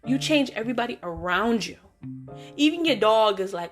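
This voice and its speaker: A middle-aged woman with a fairly high voice talks through an everyday story in a loose, chatty vlog style. She keeps an upbeat, encouraging tone and slips into acting out bits of dialogue as she goes. Faint music plays behind her. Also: animated, normal speed. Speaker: vlog host. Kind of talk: casual motivational storytelling.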